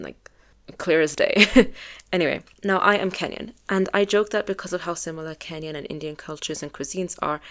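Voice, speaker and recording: Fast-talking woman with a low voice. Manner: opinionated, filler-heavy, conversational. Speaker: video essayist. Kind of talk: casual commentary.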